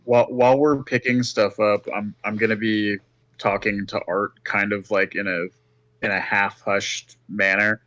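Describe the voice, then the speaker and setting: A man playing a tabletop game, describing his character's actions in halting, restarting speech. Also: fairly low pitch, flat delivery, fairly bright tone. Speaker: player. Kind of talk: casual tabletop play. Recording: dull lo-fi mic.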